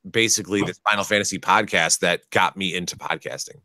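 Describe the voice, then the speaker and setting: Podcast co-host, male, low pitch, excitable and rambling, dry close recording. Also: fast talker, no room sound. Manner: excitable, rambling gamer talk. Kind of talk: casual chat.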